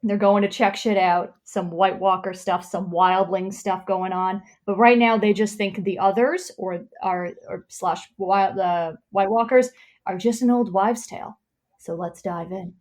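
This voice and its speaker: A woman's voice: medium pitch, steady tone, unhurried. Woman, comedy podcast host: loose, profane, laughing storyteller. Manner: chatty, profane, laughs often, rambling. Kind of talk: casual comedic chat and reading aloud.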